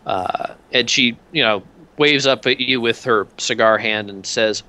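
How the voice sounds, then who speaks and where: A man running a tabletop game as narrator, describing the scene in loose, rambling bits. His voice is bright and forceful, sitting mid-pitch for a man. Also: unhurried. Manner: loose, rambling description with many fillers and restarts. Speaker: game master.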